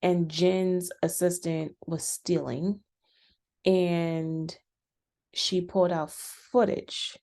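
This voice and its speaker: A woman casually recapping a reality show episode, chatty and animated, with frequent restarts. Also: fairly low pitch, very slow, creaky. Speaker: reality TV reviewer.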